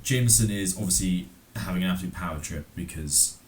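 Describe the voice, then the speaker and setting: Deep voiced guy chilling on a podcast, recapping a comic, um um like. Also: fairly quick, a little hiss or hum. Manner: relaxed, lots of ums and likes. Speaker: podcast co-host. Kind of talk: casual comic-book recap.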